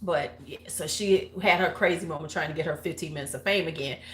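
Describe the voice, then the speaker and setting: A woman's voice: deep voice, a little fast, fairly bright tone. A woman in her forties hosting a beauty livestream, telling a long gossipy story in a loose, frank, salty way. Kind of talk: casual storytelling chat. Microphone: livestream webcam mic.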